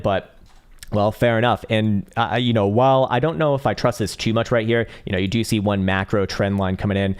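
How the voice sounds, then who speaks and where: Hoarse male trading streamer, low voice, casual, profane, rambling. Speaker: crypto trading analyst host. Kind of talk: live-streamed chart analysis.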